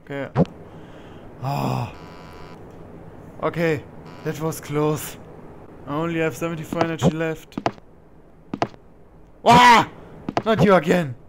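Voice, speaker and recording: Brief: male gamer, high-pitched, jumpy self-talk, noisy recording. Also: steady tone, a little slow, vocal fry, long pauses. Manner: jumpy, talks to himself, yelps when startled. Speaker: let's play gamer. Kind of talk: horror game commentary.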